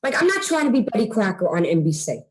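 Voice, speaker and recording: A middle-aged woman with a thick Long Island New York accent, chatting as a guest, brash and fast-talking, swearing freely. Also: medium pitch, sing-song, slight background noise, low-quality recording. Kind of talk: casual chat.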